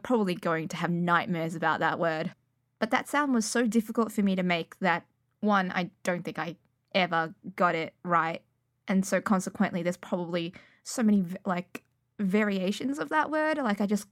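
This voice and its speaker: A woman's voice: mid-range voice, no echo, studio quality. A young adult woman chatting casually about recording a podfic, rambling and self-deprecating with lots of fillers. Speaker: podfic reader. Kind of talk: casual chat.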